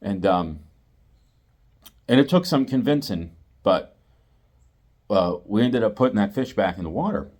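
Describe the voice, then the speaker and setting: A middle-aged man, host of a fishing channel, telling a story in a lively, repetitive way. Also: on the low side, a little slow, pauses often. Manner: animated, acts out quotes, repeats himself. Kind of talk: storytelling monologue.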